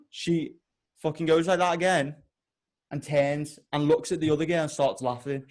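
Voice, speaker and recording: Young guy, co-host, sweary and animated storyteller, slightly high voice. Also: normal speed. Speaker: podcast co-host. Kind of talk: casual chat.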